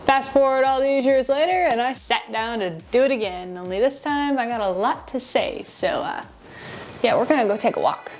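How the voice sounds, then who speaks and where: A woman's voice: on the high side, moderate pace, darkish tone. A woman reviewing a film in a casual, sarcastic, rambling way, recorded on a lapel mic in her shirt. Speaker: movie reviewer.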